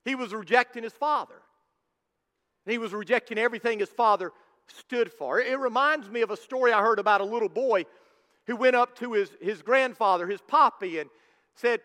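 A man preaching a sermon as a pastor, emphatic and rising to shouts at the high points. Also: moderate pace. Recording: long hall reverb.

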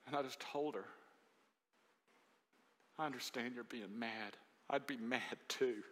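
A male pastor preaching a sermon from a church podium, telling stories animatedly and swinging between loud and hushed delivery. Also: medium pitch, a little slow. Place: church sanctuary. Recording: long reverb of a large hall.

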